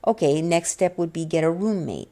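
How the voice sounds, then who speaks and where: A middle-aged woman with a low, gravelly voice and a mellow, dark tone rambles through a personal vlog from a small room at home. She sounds close to tears and trips over herself with restarts and fillers. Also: moderate pace. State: tearful, on the verge of crying. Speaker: vlogger. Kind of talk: personal confessional vlog, soft-spoken.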